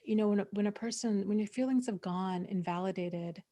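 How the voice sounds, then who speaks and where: A woman's voice: medium pitch, a little fast, dark tone, no room sound. A woman co-hosting a live Q&A, speaking supportively and hesitantly with many fillers. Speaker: co-host. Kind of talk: live Q&A chat.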